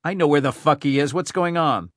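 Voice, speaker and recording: A man's voice: mid-range voice, expressive, a little fast, a bit bright, no room sound, studio quality. A man voicing a barking, impatient detective. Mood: angry. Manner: barking, demanding, profane. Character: commanding, impatient middle-aged male detective.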